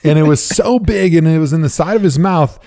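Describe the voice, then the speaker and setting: A man's voice: fairly high pitch, fairly quick. A man in his thirties co-hosting a podcast, chatting casually and telling stories with laughter. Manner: animated storyteller, laughs while talking. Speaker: podcast co-host.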